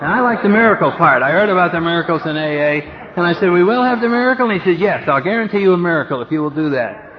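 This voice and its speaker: A man's voice: high voice, expressive, fast, big-room sound. A man sharing his story at a recovery meeting, humorous and self-mocking, acting out the voices of people he quotes. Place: meeting room with an audience. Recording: dull lo-fi recording with background noise.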